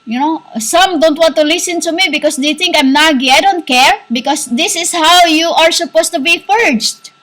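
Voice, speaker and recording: High pitched woman rambling on about spirit stuff, lots of stops and restarts, kinda scolding. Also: a bit bright, low-quality recording. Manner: halting and repetitive, addresses listeners as "humans"; scolding, insistent. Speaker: self-styled spiritual teacher.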